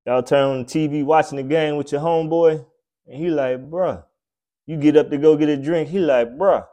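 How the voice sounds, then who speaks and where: A man hosting a podcast, delivering a blunt, profane, preachy comedic rant that swings between loud outbursts and low mutters. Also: steady tone, fairly quick. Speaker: podcast host.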